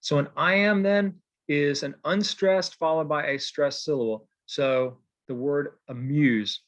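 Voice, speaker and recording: Brief: male lecturer, slightly high voice, loose and chatty, keeps asking "okay?". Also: steady tone, a little slow. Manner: casual, filler-heavy, checks in with "okay?"; writes on a board while explaining. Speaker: poetry teacher. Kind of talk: recorded lecture.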